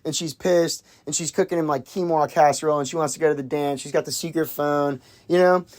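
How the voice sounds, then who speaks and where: Rambling, excitable movie reviewer. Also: medium pitch, a little fast. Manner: rambling and excitable, full of "like" and restarts; swears casually. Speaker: film reviewer. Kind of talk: casual movie review chat.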